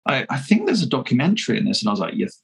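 Chatty man with a husky voice. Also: medium pitch, huge pitch swings, very fast, a bit bright, poor audio. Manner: chatty, self-deprecating, laughs often, many restarts. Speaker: fan filmmaker guest. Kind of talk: casual interview storytelling.

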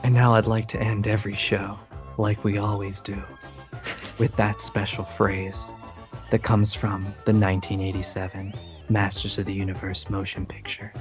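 Lowish guy host wrapping up a fan podcast, calm and even, faint music under it. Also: moderate pace. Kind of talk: casual podcast sign-off.

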